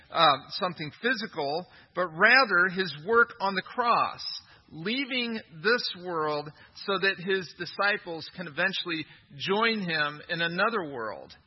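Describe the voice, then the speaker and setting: Male pastor, sermon delivery, emphatic and questioning, breathy tone, dull lo-fi recording. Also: high voice. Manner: emphatic, asks the congregation questions.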